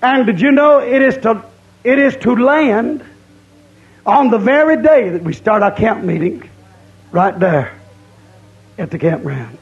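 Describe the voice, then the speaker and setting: High-voiced preacher man, lo-fi. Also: animated, measured pace, pauses often. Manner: repetitive, emphatic preaching. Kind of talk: sermon at a camp meeting.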